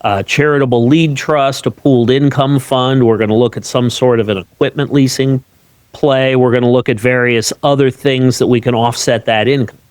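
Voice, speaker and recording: A man of ordinary pitch hosts a podcast in a casual, upbeat chat. He often repeats his words as he thinks aloud. His voice is close-miked and dry, with no room sound. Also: steady tone, normal speed, no room sound. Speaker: podcast host.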